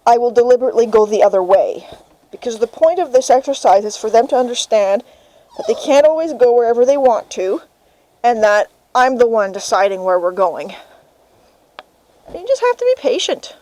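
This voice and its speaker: A young woman dog breeder talking casually while filming on a handheld camera in her kitchen, calmly explaining each step and switching to a high sing-song voice for the puppy. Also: low-quality recording. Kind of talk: casual instructional vlog. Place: home kitchen, indoors. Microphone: handheld camera mic.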